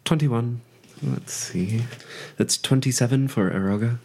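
A man's voice: medium pitch, unhurried, creaky, a little mellow, husky. A man playing a tabletop game, giggly and playful, often asking questions. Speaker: player. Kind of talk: casual tabletop play.

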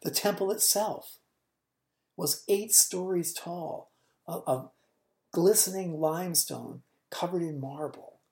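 A woman preacher with a low, dark, mellow voice tells a scene as a story during a sermon. She swings between booming emphasis and near-hushed lines to paint the moment vividly. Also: slow.

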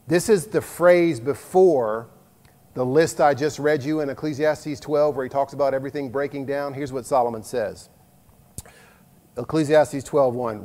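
A middle-aged man preaching a sermon as a pastor, earnest and conversational, moving between loud emphasis and hushed asides. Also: medium pitch, moderate pace. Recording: long reverb of a large hall.

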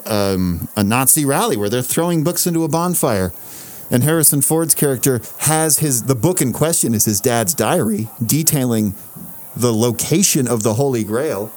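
A man's voice: medium pitch, darkish tone. A man co-hosting a casual podcast, joking around and riffing playfully. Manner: playful, jokey, quick to riff. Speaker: podcast co-host. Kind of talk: casual chat.

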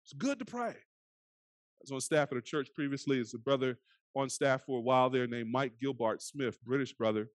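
A man preaching a sermon as pastor, earnest, often dropping to soft hushed phrases. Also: mid-range voice, dry recording. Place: church sanctuary.

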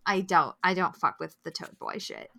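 A young woman co-hosting a podcast in casual chat, animated, swearing freely and acting out quotes. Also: lowish voice, moderate pace, gravelly. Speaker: podcast co-host.

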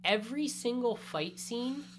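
A man co-hosting a casual anime review chat, talking in animated bursts with quick asides. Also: very high voice, a little hiss or hum. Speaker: podcast co-host.

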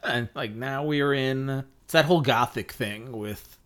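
A man's voice: mid-range voice, unhurried, fairly bright tone. A man co-hosting a podcast in casual chat, thoughtful and a little hesitant, with literary references. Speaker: podcast co-host.

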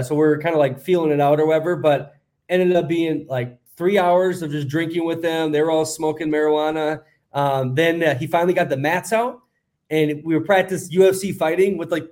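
A man's voice: fairly high pitch, a little mellow. A man co-hosting a podcast, telling a long story in a rambling, casual way with lots of fillers. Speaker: podcast co-host.

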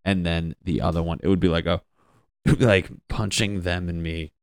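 A man's voice: low voice, fairly even intonation, brisk, no room sound, clean studio sound. A young man doing a stand-up comedy bit, rambling and profane, acting out quotes as he goes.

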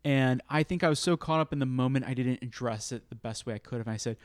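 A male podcast co-host tells a work story in casual chat, animatedly acting out the quoted dialogue. His medium-pitched voice comes fast, with few pauses and no room sound.

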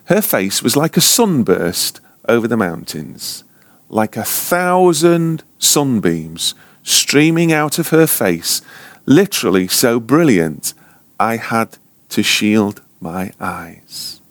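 A man preaching at a ministry school, telling a story slowly and dramatically, often sinking to a hushed near-whisper. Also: medium pitch, sing-song, no room sound. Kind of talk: sermon storytelling.

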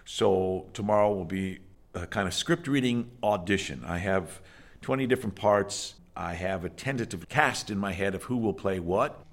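A man's voice: deep voice, normal speed. A man, an acting teacher, talking casually in an interview, often restarting his sentences. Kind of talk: documentary interview.

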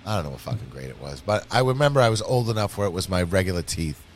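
A young man with a fairly low voice talks bluntly and swears through every story. He sounds relaxed among friends in an informal chat. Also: quick pace, a little hiss or hum. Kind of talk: casual chat.

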